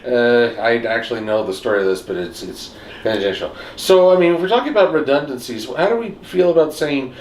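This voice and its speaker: A co-host in a casual chat who talks in a playful, teasing way with mock-dramatic asides. The mid-pitched voice swings extremely widely. A roomy echo and a faint background hum sit under it. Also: sing-song, brisk. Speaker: podcast co-host. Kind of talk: casual group discussion.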